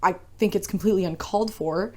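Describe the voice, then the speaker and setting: A woman's voice: mid-range voice, fast. A young woman casually ranting about a book she reviews, frank and exasperated, swearing freely and rambling.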